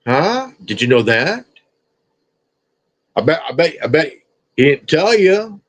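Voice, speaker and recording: A man's voice: a little high, sing-song, slow, a bit bright, low-quality recording. A man streamer ranting at someone in a confrontational, profane, repetitive way. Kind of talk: confrontational rant.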